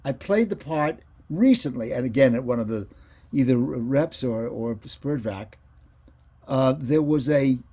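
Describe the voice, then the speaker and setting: A man's voice: mid-range voice, animated, measured pace, mellow. Older man reminiscing over a video call. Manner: meandering, self-correcting storyteller. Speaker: interview guest, former child radio actor. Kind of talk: casual reminiscing interview.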